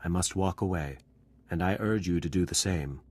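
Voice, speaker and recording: A calm principled Jedi. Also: male voice, sits low, slightly rough. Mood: earnest. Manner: measured, earnest. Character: thoughtful male Jedi Knight, calm and principled.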